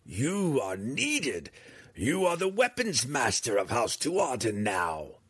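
A man voicing a scheming dark-elf priestess. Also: mid-range voice, wildly swooping pitch, slow, slightly rough, dry recording, voice pushed up, heavily acted. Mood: coaxing. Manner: falsely sweet, then imperious. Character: cunning female drow high priestess, commanding.

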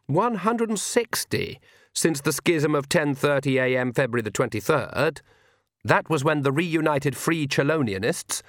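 A man's voice: a little high, a bit bright, dry recording, clean studio sound, voice pushed up. A man voicing a nervous, earnest young male priest who halts and hesitates with many ums as he speaks.

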